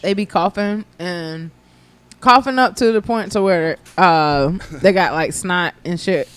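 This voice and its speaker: A woman chatting as a podcast guest, telling stories in an animated, profane way. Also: lowish voice, a little slow, smooth, no echo. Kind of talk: casual chat.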